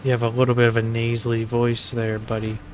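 Sarcastic, swearing gaming host. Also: male voice, mid-range voice, completely flat delivery, fast, slight background noise. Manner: profane, joking, sarcastic. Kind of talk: casual gameplay commentary.

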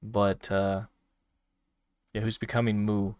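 A man streaming a virtual world game, reacting out loud in casual commentary with laughs and exclamations. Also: flat delivery, slow, clean tone, no echo. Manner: laughing, exclaiming, sudden high squeals. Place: at home at a desk.

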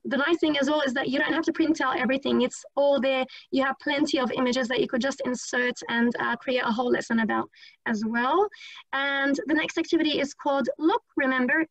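Chatty teacher lady with a high gravelly voice, talking fast over a dull dry video call mic. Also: fairly even intonation, a bit bright, dry recording. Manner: quick, chatty, many fillers and restarts. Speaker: English teacher presenting at a conference. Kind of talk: online teacher training presentation. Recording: dry, slightly dull lo-fi audio.

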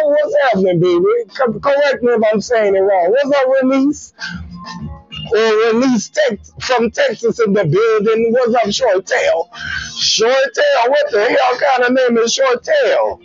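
A comedian with a New Orleans accent hosting a live stream, loudly greeting viewers by name in playful banter. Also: male voice, extremely high pitch, measured pace, no echo, muffled recording, faint music behind. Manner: loud, playful, shouts out commenters, sing-song theme chants.

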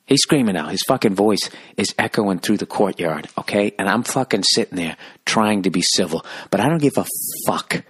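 Husky, lowish man in his forties, sweary podcast rant, plays every part of the story himself. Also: animated, a bit bright, no echo, studio quality. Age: 40s. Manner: fast, sweary, acts out both sides of a story. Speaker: podcast host. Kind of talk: profane comic rant.

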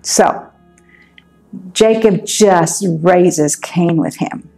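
A woman with a husky voice tells a Bible story dramatically. She speaks slowly, repeating words for weight. Faint music sits behind her. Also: on the low side, warm tone. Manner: vivid, repeats words for emphasis. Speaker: Bible teacher.

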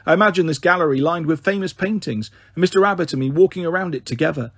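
A man narrating a children's novel in a steady, measured first-person reading. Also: a little high, vocal fry, husky, no echo, studio quality. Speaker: storyteller. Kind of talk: audiobook narration.

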